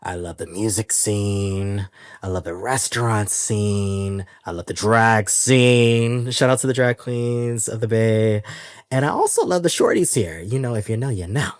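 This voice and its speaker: A man with a lowish voice hosts his podcast solo, chatting in a loose, playful, animated way and laughing often. The sound is dry and close, with no room around it. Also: measured pace, dry recording. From San Francisco Bay Area. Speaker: podcast host. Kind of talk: casual solo podcast chat.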